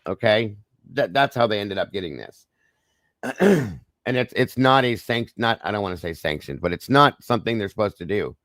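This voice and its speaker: A man with a fairly low, strained voice hosts a true crime livestream. He reads reports aloud and breaks in with casual asides to his viewers. The sound is dry and close. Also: expressive, normal speed, a bit bright, no echo. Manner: conversational, addresses viewers as guys, frequent okays and apologies. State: voice strained, trying not to lose it. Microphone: streaming microphone.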